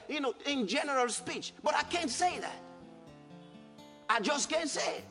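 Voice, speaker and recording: Male preacher, lively husky voice, reverberant hall, soft music behind. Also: very high-pitched, normal speed. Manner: emphatic, repeats his points. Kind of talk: sermon.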